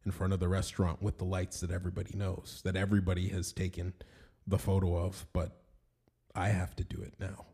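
Rambling, mellow-voiced male podcast host. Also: deep voice, monotone, a little fast, husky. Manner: rambling, chatty, laughs at himself. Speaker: podcast host and animation studio owner. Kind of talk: casual solo podcast monologue.

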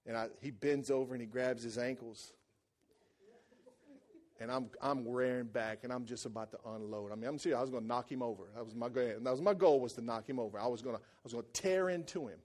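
A male pastor delivering a sermon in a lively, storytelling style. His mid-range voice swings from loud, excited bursts down to hushed, low passages. He keeps it colloquial and jokes with the congregation. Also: quick pace.

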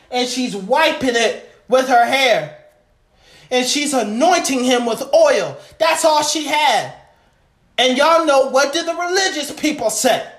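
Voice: sits high, fairly bright tone, roomy sound. A preacher delivering an impassioned sermon, calling out to the congregation.

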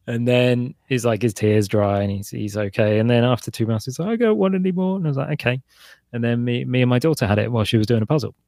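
A man in his forties rambles about parenting on a podcast, his voice gravelly with a dry, close sound. He jumps into a higher voice now and then to act out what was said in his stories. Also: fairly even intonation, fast, dark tone, dry recording. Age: 40s. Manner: rambling, acts out his son's and his own lines in a higher voice. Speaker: podcast co-host.

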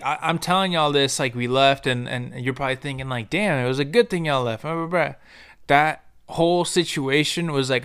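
A young man from the United States tells a personal story on his podcast. He speaks in a loose, profane, slangy way, and his voice is bright and smooth. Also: medium pitch. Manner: profane, slangy, animated when quoting others. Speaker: podcast host.

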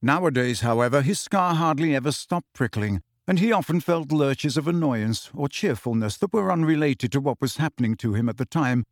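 In clean studio sound without any echo, a male audiobook narrator reads a novel's scripted text. He speaks at medium pitch in an even, measured way.

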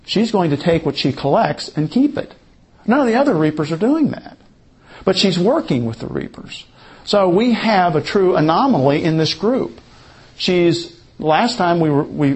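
A man's voice: on the high side, darkish tone, breathy edge. A man teaching verse by verse through a Bible passage, explaining a drawing as he goes, with frequent restarts and fillers.

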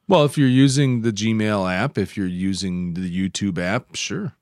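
A man's voice: lowish voice, unhurried, a little mellow, dry recording, studio quality. A man co-hosting a podcast, explaining app tips in casual, rambling chat. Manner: rambling, self-correcting explainer. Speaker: podcast co-host.

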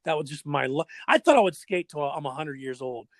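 Middle-aged male guest, animated yarn-spinner who acts out the other voices, slightly high voice, dry close sound. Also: a little fast, dry recording. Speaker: guest, drummer and former pro skateboarder. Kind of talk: casual storytelling interview.

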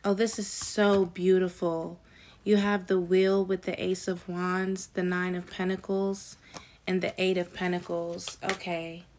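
A woman giving a casual tarot reading to her viewers, chatty and slangy with excited asides. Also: fairly low pitch, unhurried. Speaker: tarot reader.

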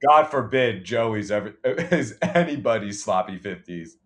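A man co-hosting a podcast, throwing in wry quick quips in casual comedic chat. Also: on the low side, animated, a bit bright. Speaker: podcast co-host.

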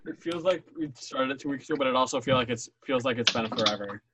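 A teenage student chatting casually with friends on a call, asking teasing questions. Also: male voice, medium pitch, fast, noisy background.

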